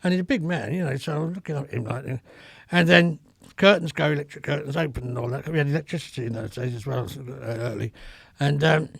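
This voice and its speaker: Gravelly older man telling stories. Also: on the high side, quick pace, dry recording, clean studio sound. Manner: rambling, earthy, swears freely. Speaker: comedy club veteran guest. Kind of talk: casual anecdotal storytelling. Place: podcast studio.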